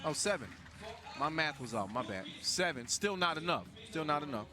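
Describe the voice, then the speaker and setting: A man's voice: a little high, expressive, moderate pace. A man calling live basketball play-by-play in a casual, joking way, full of fillers and restarts. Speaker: sports commentator. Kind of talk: live sports commentary. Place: basketball event venue.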